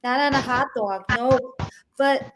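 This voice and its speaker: High-voiced woman with a Chicago accent. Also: measured pace, music in the background. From Chicago suburbs. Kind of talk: casual chat.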